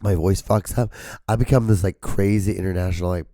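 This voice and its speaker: A man's voice: sits low, fairly even intonation, brisk, mellow, no room sound. A man hosting a podcast who has lost his voice. He rambles casually in a strained, cracking voice, filling his speech with "like" and swearing. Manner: profane, rambling, full of fillers. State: hoarse, losing his voice. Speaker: podcast host.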